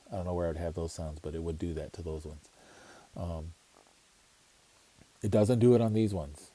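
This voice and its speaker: A man teaching a language lesson in a relaxed, explanatory way, slowly repeating words to show how they sound. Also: low voice, slight background noise. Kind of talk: casual screen-share lesson.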